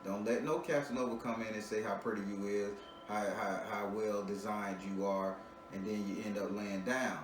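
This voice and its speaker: A man's voice: on the low side, fairly even intonation, normal speed. Man, spiritual reader, blunt and profane, joking, recorded from a distance, roomy echo with background hum. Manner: blunt and profane, laughs often, repeats words as he restarts. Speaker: spiritual reader giving a tarot reading. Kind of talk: casual, joking reading to a client. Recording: roomy, distant mic with ambient noise.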